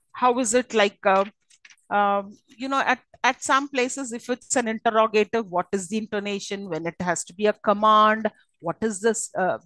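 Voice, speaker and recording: A woman with an Indian English accent gives a university lecture on phonetics, her mid-range voice fairly bright in tone. The audio is poor but has no echo, and her speech is full of fillers and frequent questions checking on the class.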